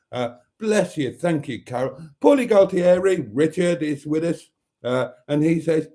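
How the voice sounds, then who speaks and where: Mellow-voiced man hosting a live stream. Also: on the high side, lively intonation, unhurried. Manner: theatrical, camp, calls viewers darlings; cheeky, mock-rude jokes. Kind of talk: casual live stream chat.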